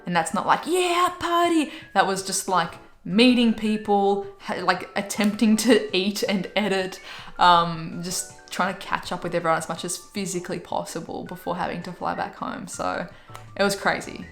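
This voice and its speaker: In a casual monthly favourites vlog, a young Australian woman talks in an upbeat, chatty way full of "like" fillers. She speaks at normal speed with a lowish, steady tone, recorded in an echoey room with faint background music.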